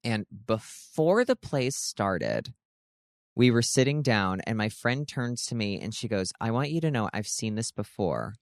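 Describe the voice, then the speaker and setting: A man's voice: fairly low pitch, lively intonation, measured pace, gravelly, no echo, clean studio sound. Chatty man gushing in a casual vlog. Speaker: vlog host.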